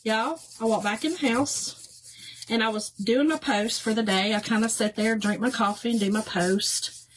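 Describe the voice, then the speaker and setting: A middle-aged woman, telling a story to her viewers in a casual, animated way and laughing often. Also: a little high, normal speed, slight background noise, rough recording. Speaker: crafting livestream host.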